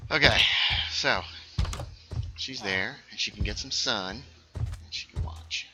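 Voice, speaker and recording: A man's voice: lowish voice, slow pace, long pauses, noisy background. A man chatting casually and joking as he streams a video game. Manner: chatty, playful, jokey. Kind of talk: casual gameplay chat.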